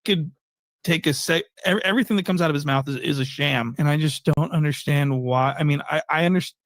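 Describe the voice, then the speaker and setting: A man's voice: a little high, a little fast, no room sound, clean studio sound. A man giving casual reaction commentary in an incredulous, mocking way.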